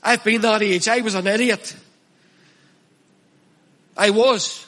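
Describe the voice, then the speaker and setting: A man's voice: high-pitched, fairly even intonation, slow, long pauses, a bit bright. A man preaching a sermon in an earnest manner, repeating and stressing his key phrases. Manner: earnest, repetitive emphatic preaching.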